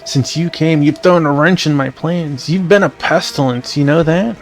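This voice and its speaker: A man's voice: fairly high pitch, normal speed, soft background music, lightly acted. A man doing a gloating villainous vice principal. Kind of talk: reading game dialogue aloud.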